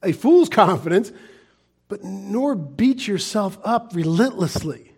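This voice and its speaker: A man preaching a sermon in an earnest, pleading way, swinging from loud urging to hushed asides and chuckling through his points. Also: high-pitched, lively intonation, slow pace, breathy edge. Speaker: pastor.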